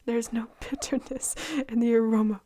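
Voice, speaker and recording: A girl reading out a gushing coffee reviewer, fake accent, soft and a bit high. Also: little pitch movement, normal speed. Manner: put-on accent, soft-spoken.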